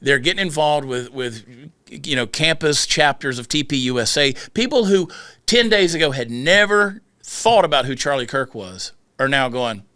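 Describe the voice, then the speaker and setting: A middle-aged Southern man with a bright, forceful voice talks in a fast, animated storytelling rush. His voice is close to the mic, with no room echo. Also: mid-range voice. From rural Georgia. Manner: rapid-fire, animated storytelling. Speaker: podcast guest, comedian. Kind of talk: casual podcast conversation.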